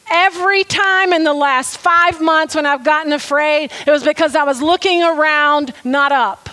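A woman preaching a sermon, telling a story with lively, animated delivery and acting out quoted lines. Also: sits high, unhurried, few pauses.

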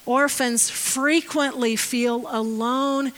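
A woman's voice: high-pitched, steady tone, slow, a bit bright, rough recording. A woman in her fifties preaching a conversational sermon as pastor, acting out quotes and stories. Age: 50s. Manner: conversational, acts out quotes, laughs often.

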